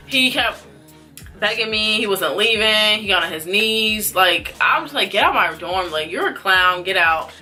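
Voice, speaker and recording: A young woman tells a personal story straight to camera in a casual, chatty way. Her voice is bright and forward, and she slips into quoted dialogue with plenty of fillers. Faint music plays softly behind her. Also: medium pitch, moderate pace. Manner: animated, acts out dialogue, frequent fillers. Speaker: vlogger. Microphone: camera mic.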